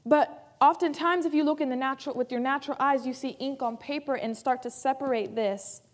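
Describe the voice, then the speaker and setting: A woman's voice: high-pitched, a little fast. A woman pastor preaching a sermon in an earnest, emphatic way, repeating key phrases for weight.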